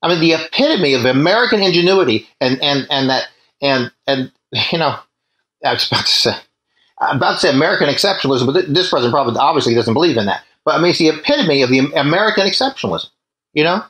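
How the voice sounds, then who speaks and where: A man's voice: fairly high pitch, expressive, fast talker, fairly bright tone, rough recording. A man hosting a political talk show, delivering commentary with frequent ums and uhs, restarts and rhetorical questions to his listeners. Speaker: host.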